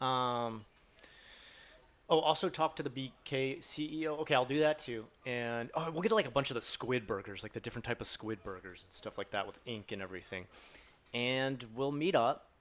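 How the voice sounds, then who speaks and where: A man's voice: mid-range voice, normal speed, a bit bright. A man live streaming from home, chatting loosely with his viewers. He rambles and jokes, filling gaps with ums and likes as he replies to messages. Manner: rambling, joking, many fillers, reads chat aloud. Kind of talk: casual live stream chat.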